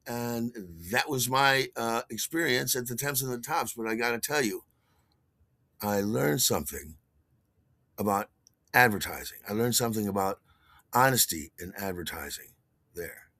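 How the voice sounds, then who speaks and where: An older man spins a casual, rambling story as a podcast host, stopping to restart his sentences and chuckling at himself. His voice is bright and tense, recorded close and dry with no room sound. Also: normal speed, no echo. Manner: animated, acts out quotes in a higher voice.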